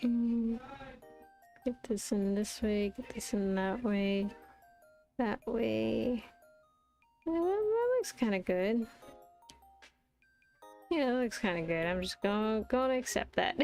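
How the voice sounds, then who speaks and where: A woman's voice: a little high, lively intonation, takes it slowly, gravelly, long pauses, darkish tone, soft background music. A young woman streaming, chatting casually and giggling often as she rambles with self-deprecating restarts. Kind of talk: casual live-stream chat while drawing.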